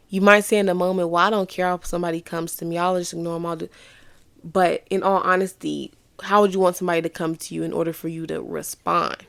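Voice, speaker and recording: A woman's voice: fairly low pitch, creaky, fairly bright tone, no echo. A woman hosting a podcast, talking earnestly and conversationally, often repeating herself for emphasis. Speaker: podcast host. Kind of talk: reflective casual monologue.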